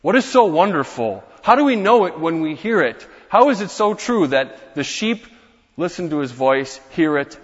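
A man's voice: on the high side, very animated, normal speed. A young male pastor delivering a sermon, earnest and building to emphatic rhetorical questions. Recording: muffled, echoey church hall.

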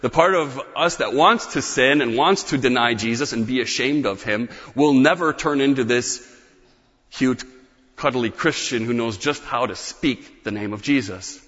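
A man's voice: medium pitch, normal speed, fairly bright tone. A man preaches with earnest emphasis, pressing on certain words. His voice trails through a long hall reverb. The recording is dull and muffled. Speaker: pastor. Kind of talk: sermon.

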